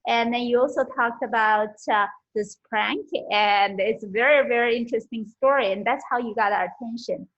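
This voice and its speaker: A woman giving a friendly, halting speech evaluation at an online club meeting, with many fillers, over a video call. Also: a little high, a bit bright. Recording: dull lo-fi video call audio.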